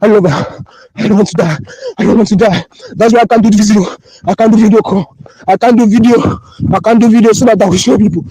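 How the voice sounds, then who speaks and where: A man's voice: high-pitched, fairly even intonation, fast talker, dark tone, breathy edge, dry recording, rough recording. A man with a Nigerian accent recording an impassioned voice note on his phone, pleading and repeating himself with emotion. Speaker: voice-note sender.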